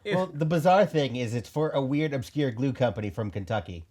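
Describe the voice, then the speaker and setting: A man's voice: medium pitch, expressive, a little fast, mellow. A man running a tabletop game as game master, narrating in a dry, matter-of-fact way.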